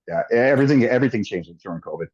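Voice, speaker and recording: A man's voice: medium pitch, expressive, very fast, a little mellow, slightly rough, lo-fi sound. A man with a Canadian accent, a guest on a podcast, talking in a laid-back way, laughing easily and swearing. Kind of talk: casual chat.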